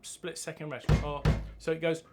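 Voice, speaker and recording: A man's voice: fairly high pitch, flat delivery, normal speed, loud music behind the voice. A man teaching a drum lesson, chanting rhythm words as he plays. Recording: loud drumming behind the voice. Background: drum kit playing.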